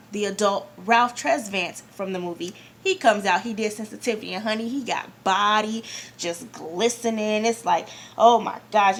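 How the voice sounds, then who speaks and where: A woman, chatting casually as a vlogger, excitable and gushing, with slangy, profane asides. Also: mid-range voice. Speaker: vlogger reviewing an awards show. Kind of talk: casual chat.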